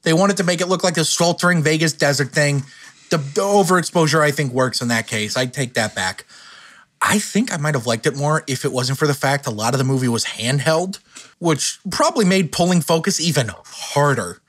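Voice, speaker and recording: A man's voice: fairly high pitch, fairly quick, a bit bright. A young man hosting a casual film podcast, blunt and profane, laughing often. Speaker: podcast host.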